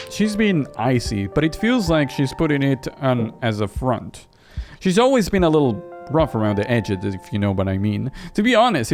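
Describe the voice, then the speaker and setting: A man's voice: a little high, creaky. A man reading aloud the lines of a friendly, chatty young small-town woman, telling stories with a teasing edge. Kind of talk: reading game dialogue aloud.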